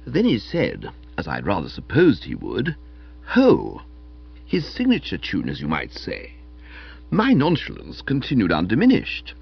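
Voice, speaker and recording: Animated man narrating a comic novel. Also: on the low side, normal speed, gravelly, husky. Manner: animated, wry storytelling, characterful quotes. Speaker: audiobook reader. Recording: dull lo-fi recording.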